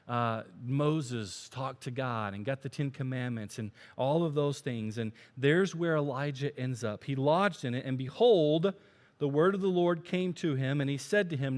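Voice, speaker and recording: A male pastor giving a sermon, climbing to emphatic peaks and dropping to near whispers. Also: mid-range voice.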